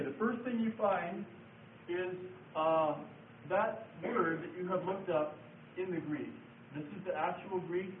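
A man teaching a Bible study class, explaining things patiently and repeating key words as he writes on a board. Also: sits high. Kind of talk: classroom lecture with board writing. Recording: echoey room from far off, phone-like lo-fi sound, faint hiss.

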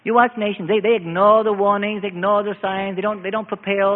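An older man preaching a sermon as pastor, swinging from low, quiet asides up to loud, emphatic declarations. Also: fairly even intonation, fast talker, few pauses. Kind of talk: evening sermon. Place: church hall. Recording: echoey hall, thin phone-like sound.

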